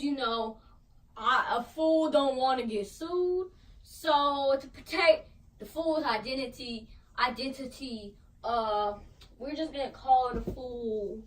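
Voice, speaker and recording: A high-pitched, boastful cartoon tiger, voiced by a woman, rambles through a comedic storytime with a stuffed toy. He is slangy and loose, calling everyone fool and bro. The voice sits some way back from the mic. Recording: voice distant from the mic.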